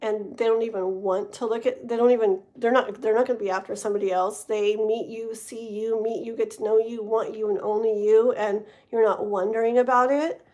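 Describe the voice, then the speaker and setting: A woman's voice: on the high side, steady tone, a little fast, few pauses, a little mellow, lo-fi sound. A woman doing a live-stream tarot reading, talking straight to the viewer, rambling and stumbling over her words. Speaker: tarot reader.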